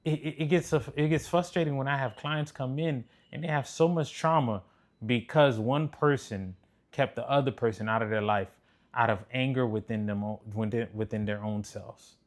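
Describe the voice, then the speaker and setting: A man's voice: mid-range voice, fairly even intonation, normal speed. A man giving blunt, preachy commentary on relationships, swearing freely as he reacts to clips. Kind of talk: casual commentary.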